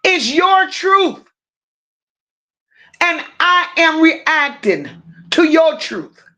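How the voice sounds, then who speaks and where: A woman hosting a live-stream true-crime commentary. She rants emphatically and confrontationally, leaning hard on her stressed words and pausing to thank viewers in the chat. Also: extremely high pitch, big pitch swings, sharp tone. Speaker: livestream commentary host.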